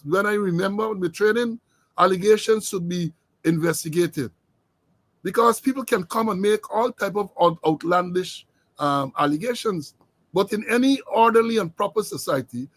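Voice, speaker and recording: A man's voice: high voice, no room sound. A man hosting political commentary, emphatic, repeating himself with many fillers. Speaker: host.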